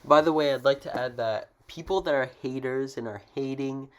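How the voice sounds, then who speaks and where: Give me a woman with a very deep voice, chatting agreeably and hesitantly on a podcast. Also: normal speed. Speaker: podcast co-host. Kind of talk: casual chat.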